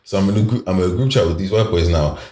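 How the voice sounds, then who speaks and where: A man's voice: low voice, rapid-fire, mellow, echoey room, a little hiss or hum. A young man from Ireland chatting casually, rambling with many restarts and slang fillers. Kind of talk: casual podcast chat.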